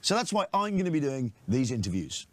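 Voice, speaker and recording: Male host, mid-pitched, jokey interviewer, halting questions, dry studio sound. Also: sing-song, no echo.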